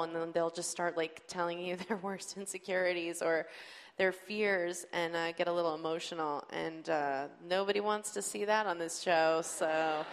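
Laughing woman telling stories in a hall. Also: lowish voice. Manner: storytelling, animated, laughs through lines. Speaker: comedy show co-creator and street interviewer. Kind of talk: casual panel talk.

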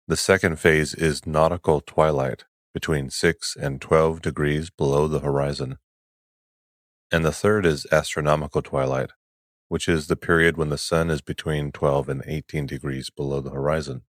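A man hosting a sleep podcast, reading an article slowly in a soft, calm, soothing voice. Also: no room sound, clean studio sound. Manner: soft, slow and calm, drifting lower and quieter. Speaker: podcast host.

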